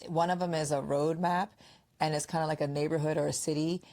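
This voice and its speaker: Low-voiced woman podcast host. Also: fairly quick. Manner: animated storyteller, acts out quoted friends. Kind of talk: casual conversational podcast chat.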